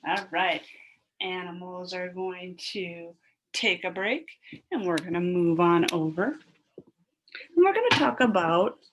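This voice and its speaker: Brief: woman, first grade teacher, patient and unhurried, sounding out syllables. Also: fairly low pitch. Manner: slow, encouraging, sounding out syllables. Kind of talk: recorded phonics lesson for children.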